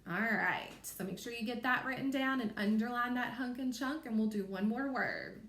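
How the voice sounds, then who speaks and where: A first grade teacher with a Kentucky accent gives a reading lesson to young children, sounding out letters slowly and clearly. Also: female voice, fairly high pitch, big pitch swings, fairly bright tone, reverberant.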